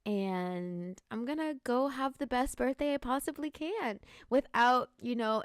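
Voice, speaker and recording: A woman in her late twenties hosts a podcast, her voice on the high side and recorded cleanly in a studio with no room sound. She muses earnestly about growth and intentions in a reflective, spiritual talk, saying "like" a lot.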